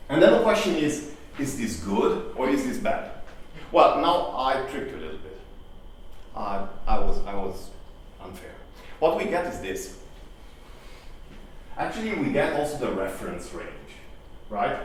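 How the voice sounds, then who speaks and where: A man giving a conversational conference talk, often asking the audience rhetorical questions and restarting his phrases. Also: medium pitch. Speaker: conference speaker. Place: conference hall. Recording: echoey hall, distant mic, faint noise.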